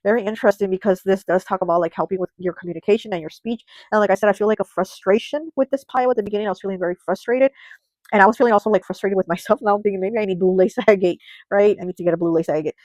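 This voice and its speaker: A woman's voice: mid-range voice, rapid-fire, darkish tone, dry recording, low-quality recording. A woman giving a casual tarot reading, talking chattily with many filler words and restarts. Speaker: tarot reader.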